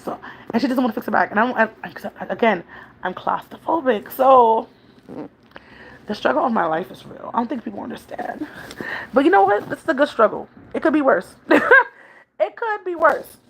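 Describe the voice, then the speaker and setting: A woman's voice: fairly high pitch, lively intonation, fairly quick, vocal fry, a little hiss or hum. A woman talks casually to her viewers at home, rambling from one thing to the next. She laughs often and sounds like a mom in her thirties chatting with friends. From New York City. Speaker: vlogger, mother. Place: home, New York.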